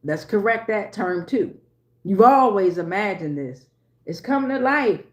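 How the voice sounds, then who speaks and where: A woman's voice: mid-range voice, animated, unhurried. Woman doing a tarot reading on her phone, slangy, keeps repeating herself, echoey room. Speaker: tarot reader. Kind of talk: casual tarot reading to camera. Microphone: phone camera.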